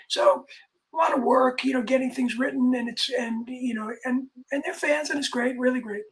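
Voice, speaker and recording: A man's voice: very high-pitched, a little fast, fairly bright tone, rough recording. A man, a music manager, telling a long casual anecdote in a rambling way, full of restarts and quoted dialogue.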